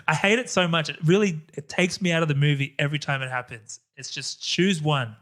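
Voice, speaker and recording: Animated, opinionated podcast guest, a man. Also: on the high side. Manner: animated, quick to laugh, opinionated. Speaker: podcast guest, co-host of another podcast. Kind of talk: casual film chat.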